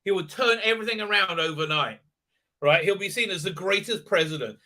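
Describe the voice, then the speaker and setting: A man's voice: high-pitched, a little fast, pushed and bright. A man hosting his live stream, rambling and stammering through crude jokes and mocking voices in casual chat. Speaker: livestream host.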